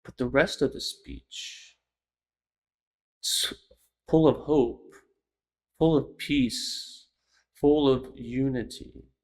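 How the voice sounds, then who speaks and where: A young man hosting a lecture series, giving thoughtful, analytical commentary in a casual spoken style with pauses between phrases. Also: mid-range voice, steady tone. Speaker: host of a speech lecture series.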